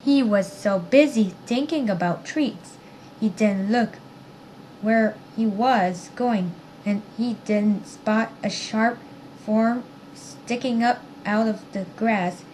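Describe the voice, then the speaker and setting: A woman reading a children's story aloud, slow and expressive. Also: fairly high pitch, slight background noise, poor audio. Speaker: narrator.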